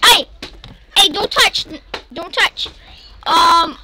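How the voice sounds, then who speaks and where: A young girl yelling her way through an online match, her voice pitched very high and her words stretched out slowly. She is excitable and loud with the other players. A steady background noise sits under the recording. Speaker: gamer. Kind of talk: excited gaming commentary.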